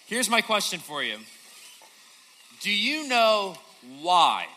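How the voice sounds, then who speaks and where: A man's voice: sits high, sing-song, takes it slowly, sharp tone. A young man preaching a sermon, telling a story and asking the crowd rhetorical questions.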